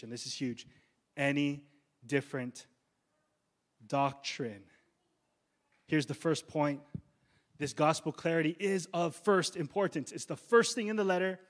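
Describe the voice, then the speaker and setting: A young male pastor preaching with a slightly high voice. He keeps it loose and slangy, then hits his main points with force and weight. It sounds like a relaxed preacher talking straight to his congregation. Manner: casual slangy preaching, rising to emphatic declarations. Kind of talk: sermon.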